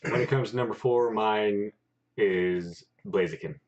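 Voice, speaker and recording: A man co-hosting a casual chat, speaking haltingly with many pauses. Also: on the low side, darkish tone. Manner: halting, many fillers and restarts. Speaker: co-host. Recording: dull lo-fi sound.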